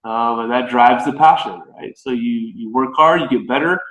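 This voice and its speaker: A man with an American accent, a baseball coach, talking through his ideas in a relaxed, conversational way as a podcast guest. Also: mid-range voice, normal speed, echoey room, rough recording. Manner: relaxed, conversational, thinking aloud. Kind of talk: podcast interview.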